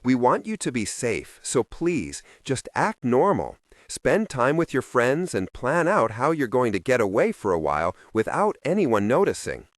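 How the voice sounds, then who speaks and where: A man's voice: medium pitch, sing-song, unhurried, hardly any pauses, dry recording, clean studio sound. A man voicing a government agent who talks in a coaxing, overly reassuring way. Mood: persuasive.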